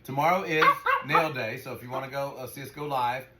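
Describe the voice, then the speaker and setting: Here a man running a dog sanctuary swears freely through a frustrated rant, speaking casually to his camera. The voice is mid-range and steady in tone, a little fast, with echo and faint noise in the room.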